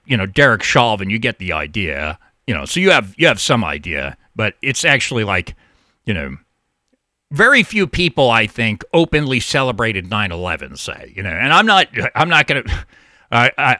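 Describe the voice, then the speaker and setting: A man's voice: medium pitch, sharp tone, no echo, studio quality. A man hosting a call-in show, rambling, profane and stammering through restarts in a casual monologue. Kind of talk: casual talk radio monologue.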